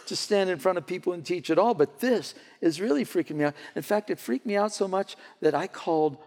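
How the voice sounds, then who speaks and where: A man preaching a sermon to a church gathering, telling stories in an animated way and often repeating his words as he goes. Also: high voice, a little fast. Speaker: pastor. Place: church hall. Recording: long hall reverb.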